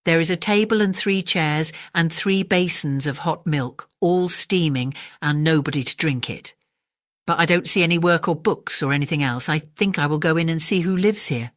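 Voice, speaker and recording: A woman's voice: sits low, normal speed, dry recording, clean studio sound, close to an everyday voice. Golden Locks, a curious little girl, as a woman reads her. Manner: curious, wondering.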